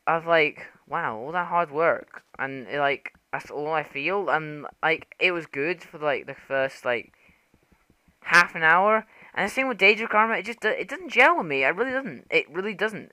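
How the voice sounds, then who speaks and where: A young man giving casual, rambling gameplay commentary for his channel, excitable, swearing and laughing often. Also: a little high, clean tone, dry recording. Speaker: gaming channel host.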